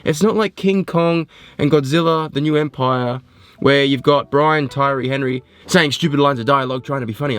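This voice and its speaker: A man giving a casual spoken film review, animated and rambling, often poking fun at himself. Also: mid-range voice, moderate pace, clear, resonant tone. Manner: animated, rambling, self-mocking.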